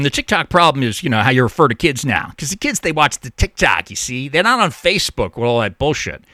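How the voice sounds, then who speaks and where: A man's voice: a little high, big pitch swings, fast talker, hardly any pauses, sharp tone, no room sound, studio quality. A man hosting a call-in show, rambling, profane and stammering through restarts in a casual monologue. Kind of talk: casual talk radio monologue.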